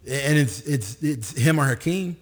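Casting: man, husky, sports radio co-host, animated slangy banter. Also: medium pitch. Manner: animated, slangy, quick to joke.

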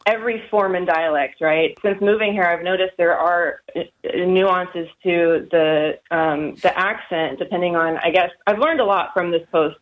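A woman's voice: lowish voice, normal speed, narrow, tinny audio. An American woman guest on a radio show, talking hesitantly with many fillers and giggles. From United States. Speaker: guest caller. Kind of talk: casual radio interview.

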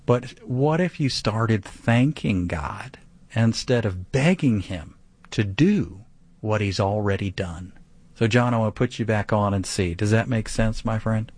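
A man's voice: fairly low pitch, lively intonation, measured pace, a little mellow. A man teaching the Bible on a call-in show, earnest and emphatic, with conversational preaching that repeats key phrases for stress. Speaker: radio Bible teacher answering a caller.

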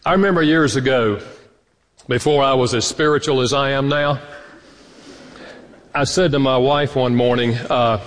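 A man's voice: medium pitch, normal speed, long pauses. A man giving a marriage conference talk, teaching earnestly and acting out quoted lines. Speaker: conference speaker. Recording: reverberant hall from far off.

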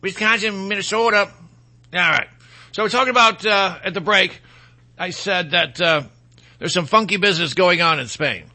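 A man's voice: sits high, normal speed, bright, forceful tone. A man from Michigan with a Michigan accent, hosting a casual political talk show in a rambling, opinionated way with folksy asides.

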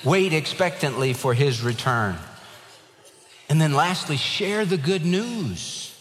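A man's voice: a little high, slow, fairly bright tone, slight background noise. A man preaching a sermon in an earnest, emphatic way, with an easy storytelling touch. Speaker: pastor. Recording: long hall reverb.

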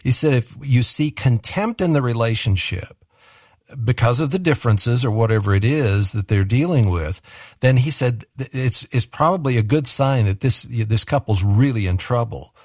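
A man's voice: mid-range voice, lively intonation, moderate pace, darkish tone, dry recording. Man host asking a question, dry sound. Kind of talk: interview questions.

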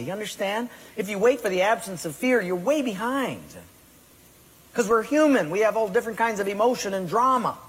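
A man's voice: high voice, husky. A man preaching a sermon emphatically, acting out people's excuses and God's commands in quoted voices. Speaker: pastor. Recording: long hall reverb.

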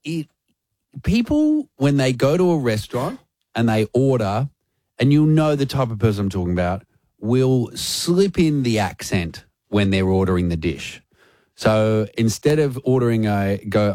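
A man's voice: medium pitch, unhurried, dry recording. A man co-hosts a radio chat show, telling stories with a voice that rises and falls a lot. His delivery is playful and teasing. The sound is close and dry, with no room around it. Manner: animated, playful storyteller. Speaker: radio co-host. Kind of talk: casual banter.

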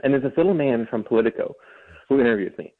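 A man's voice: mid-range voice, fast talker. Male guest over a tinny line. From Ohio. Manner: storytelling, with frequent restarts and mocking mimicry. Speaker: author and guest. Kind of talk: remote interview storytelling. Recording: tinny phone-like remote line.

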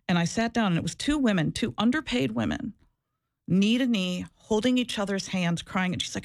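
A middle-aged woman speaks earnestly about her past work, often restarting and pressing her points. Her voice carries some vocal fry at a middle pitch. The sound is dry and close. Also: expressive, brisk, dry recording. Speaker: interview guest, former social worker. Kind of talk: candid personal storytelling.

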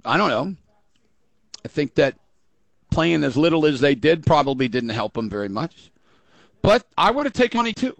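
A man's voice: fairly high pitch, sing-song, fairly quick, vocal fry, pauses often, no echo. A man hosting sports talk radio, blunt and folksy, rambling through his opinions.

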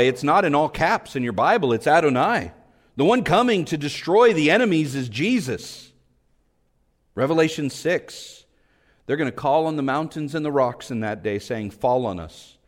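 A man preaching a sermon fervently, rising to emphatic peaks and dropping to hushed low passages. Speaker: pastor. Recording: long hall reverb.

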